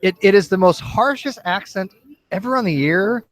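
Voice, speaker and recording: An American man hosting a casual video call, teasing his guest and arguing his point with emphasis. His voice is high for a man and swings widely in pitch. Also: lively intonation, normal speed. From United States. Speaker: host.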